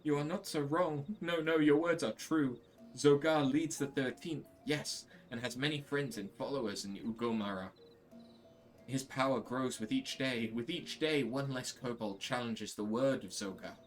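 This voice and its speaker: A man's voice: normal speed, far from the mic, faint music behind, natural voice. A man voicing a small, fretful male kobold, reading game dialogue aloud in a repetitive, wailing, pleading way. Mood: gloomy. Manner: repetitive, wailing, pleading, pitch jumping high.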